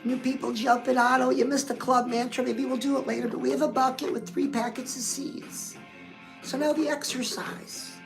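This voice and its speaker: A woman's voice: high-pitched, steady tone, moderate pace, vocal fry, over music, rough recording. A woman hosting a livestream pep talk, coaching listeners in a sassy, direct way and calling them "girl". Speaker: host.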